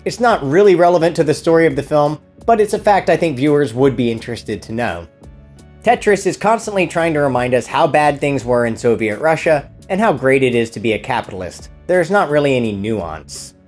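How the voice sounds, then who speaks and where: A man's voice: a little high, a little mellow. Dry, sarcastic male film reviewer. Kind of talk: scripted comedic review narration.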